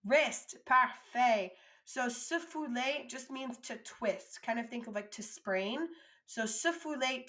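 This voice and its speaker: A woman teaching a recorded French lesson, modelling words slowly for learners to repeat and then explaining them in quick English asides. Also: a little high, a bit bright.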